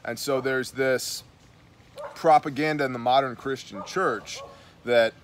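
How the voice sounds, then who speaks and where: New guy reading bible verses then riffing on them, blunt and chatty, middle pitch. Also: measured pace. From New York. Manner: conversational, reads scripture aloud then comments with blunt asides. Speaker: host. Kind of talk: casual Bible study talk.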